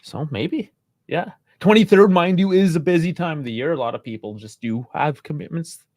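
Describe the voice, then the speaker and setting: A man's voice: a little high, normal speed, dry recording, clean studio sound. Laid-back man co-hosting a live stream. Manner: relaxed, laughs often. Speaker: podcast co-host. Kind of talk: casual live stream chat.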